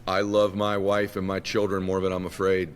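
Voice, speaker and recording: Brief: deep, lively male guest storyteller, long room reverb, faint rumble underneath. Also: normal speed. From Massachusetts. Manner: animated storyteller who acts out quotes. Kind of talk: storytelling in a conversation.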